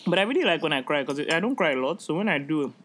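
Young woman, podcast co-host, blunt, foul-mouthed, animated storyteller. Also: sits low, fast. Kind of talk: casual chat.

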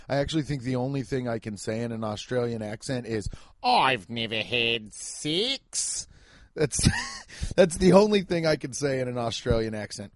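A man's voice: medium pitch, a little mellow, no room sound, clean studio sound. A man who is a stand-up comedian, chatting casually and self-deprecatingly on his podcast from home. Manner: rambling, jokey, self-deprecating.

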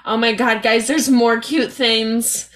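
Young woman, podcast host, casual chat, gushing, slangy, bright voice. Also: fairly high pitch, steady tone, takes it slowly. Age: young adult.

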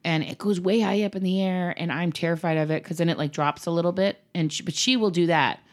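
A mother in her thirties telling a chatty, animated family story, acting out the quotes in casual conversation. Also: lowish voice, quick pace. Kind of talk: casual chat.

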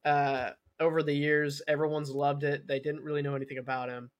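Young male podcast co-host, relaxed storyteller, slightly higher voice. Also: fairly quick, muffled recording. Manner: relaxed storytelling, quotes friends' reactions. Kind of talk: casual chat.

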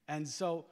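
A man preaching in a church, telling his own story in a conversational way and calling on the congregation to answer back. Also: a little mellow. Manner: conversational storytelling with call-and-response exhortation. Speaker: guest preacher giving testimony. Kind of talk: sermon testimony. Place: church sanctuary. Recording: long reverb of a church hall.

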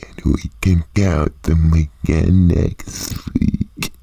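An eerie kids' show host, played by a man speaks in an extremely deep, dark, husky voice. He talks to the children very slowly and in a hushed sing-song, and the sound is dry and close. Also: steady tone, no room sound, heavily acted.

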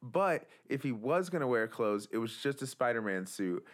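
A man's voice: mid-range voice, sing-song, normal speed. A young man co-hosting a comedy podcast, telling crude joking stories in casual chat. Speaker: podcast co-host.

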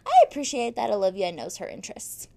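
A woman's voice: mid-range voice, sing-song, fast talker, gravelly, dark tone, no room sound. A woman in casual chat, reading book reviews aloud and answering them with many fillers, defensive of her favorite books.

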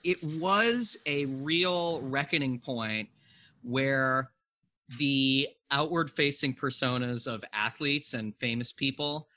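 A man hosting a podcast speaks in a bright, dry, close-sounding voice. He is thoughtful and reflective as he weighs the mood of a song. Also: medium pitch, slow pace, no room sound. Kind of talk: casual music discussion.

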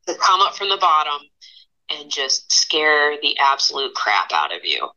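A woman in her thirties from Pennsylvania, a guest artist telling stories in a casual interview, animated and laughing often, with lots of fillers. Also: deep voice, a little slow, dull audio. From Pennsylvania, USA.

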